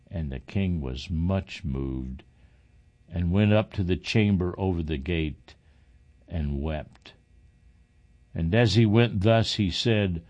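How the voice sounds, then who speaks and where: A man reading an old scripture passage aloud in a measured, solemn way. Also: sits low, lively intonation, a little mellow. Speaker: scripture reader.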